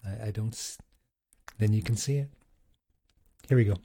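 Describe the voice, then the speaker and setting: Host type, man, husky voice, dry close sound, chatty and chuckly. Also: fairly low pitch, moderate pace, mellow, no echo. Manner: chuckles often, restarts sentences. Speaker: host reviewing recorded audio clips. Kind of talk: casual chatty commentary.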